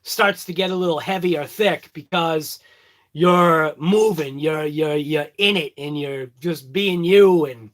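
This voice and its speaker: This man's voice leans high and his pace is measured as he records a rambling morning check-in on his phone. He's a vlogger from around Boston with a thick accent, and his humor is jokey and self-deprecating.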